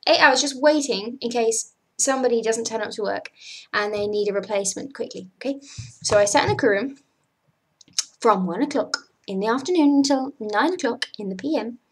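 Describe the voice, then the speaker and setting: A young woman who works as cabin crew, ranting in a vlog, exasperated and swearing, checking in with the viewer again and again. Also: fairly high pitch. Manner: exasperated, swearing, keeps asking "okay?".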